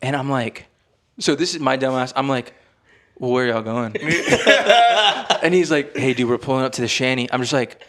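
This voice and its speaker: A man's voice: medium pitch, normal speed, pauses often. Young guy rambling thru a story, lots of likes, acts out the quotes. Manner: animated, heavy filler words, acts out quotes. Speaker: podcast co-host. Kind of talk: casual storytelling.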